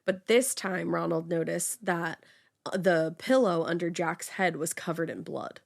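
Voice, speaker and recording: A woman's voice: fairly low pitch, measured pace, gravelly. A woman co-hosting a casual true-crime chat, telling the story with lots of fillers. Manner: chatty storytelling with many fillers. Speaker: podcast co-host telling the story.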